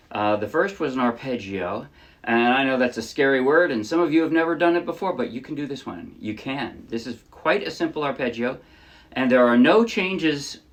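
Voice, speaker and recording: A man teaching a ukulele song in a casual tutorial, explaining patiently step by step and encouraging beginners. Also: mid-range voice. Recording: ukulele playing loudly under voice.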